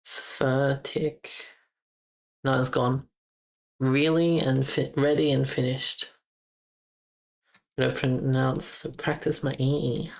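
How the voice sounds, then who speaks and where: A woman with an extremely low, gravelly voice, a little mellow and flat in delivery, chats unhurriedly on a live stream. She practices German pronunciation by repeating words over and over, breaking off with quick curses and casual exclamations.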